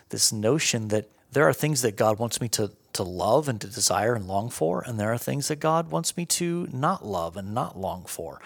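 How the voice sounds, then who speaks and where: A man being interviewed, earnestly explaining ideas step by step with everyday examples. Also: medium pitch. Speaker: Bible scholar guest. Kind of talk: conversational teaching.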